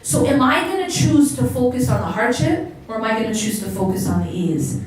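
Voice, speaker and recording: A woman's voice: fairly high pitch, expressive, fairly quick. Woman lecturing in an echoey hall. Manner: conversational, asks the audience questions. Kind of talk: religious lecture to a live audience. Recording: echoey hall, voice from far off, faint noise.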